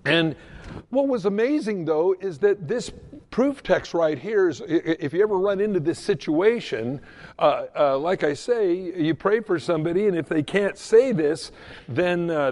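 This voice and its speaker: A man who is a pastor, preaching a sermon and telling a story in an animated way, often repeating words as he goes. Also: on the high side, normal speed.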